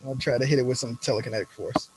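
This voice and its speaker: A man playing his character in a tabletop game, speaking casually with halting restarts. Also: medium pitch, steady tone, heavy background noise. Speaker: player.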